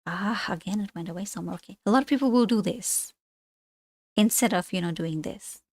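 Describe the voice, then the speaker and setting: A woman's voice: mid-range voice, fairly quick, a little mellow, dry recording. A woman teaching an online language lesson, explaining things on screen in a chatty, rambling way with frequent asides and self-corrections.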